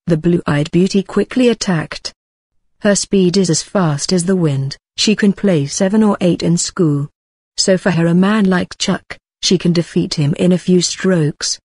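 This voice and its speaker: Husky low woman narrating a story. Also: unhurried, a little mellow, no echo, studio quality.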